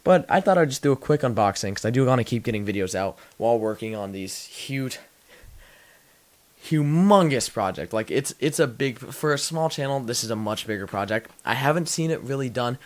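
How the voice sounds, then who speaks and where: A man's voice: medium pitch, expressive, brisk, hardly any pauses. A young man hosting a casual tech unboxing vlog, rambling and self-deprecating with many restarts, a little out of breath. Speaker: tech channel host.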